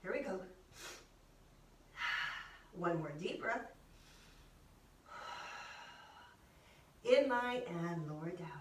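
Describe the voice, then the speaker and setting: A woman's voice: lowish voice, animated, very slow, pauses often, distant mic, a little hiss or hum. Woman fitness instructor in echoey room. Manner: encouraging cues, counting down, exertion whoops. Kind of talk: guided workout instruction.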